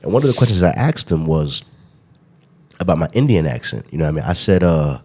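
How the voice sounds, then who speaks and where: A man's voice: very deep voice, very animated, quick pace, mellow, husky. A man hosting a podcast in casual chat, rambling with frequent laughs and fillers. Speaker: podcast host.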